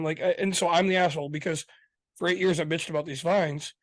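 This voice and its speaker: A man's voice: high voice, fairly quick. A man co-hosting a podcast in casual chat, telling stories animatedly and swearing often. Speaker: podcast co-host.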